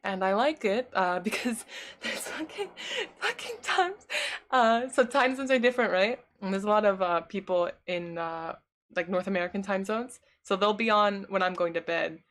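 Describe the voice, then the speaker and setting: A woman's voice: mid-range voice, animated, moderate pace, a bit bright. A woman streamer chatting casually with her live chat. She rambles, fills her talk with "like" and laughs often.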